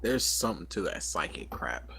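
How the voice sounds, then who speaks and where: A man's voice: low voice, very animated, moderate pace, gravelly, sharp tone, slight background noise. A man co-hosting a podcast, chatting casually and telling a rambling story full of fillers and self-corrections. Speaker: podcast co-host.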